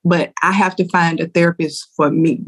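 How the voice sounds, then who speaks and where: A woman's voice: fairly low pitch, steady tone, normal speed, breathy edge, faint music behind. Candid woman guest speaker. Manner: candid, earnest, casual and conversational. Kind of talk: candid interview talk.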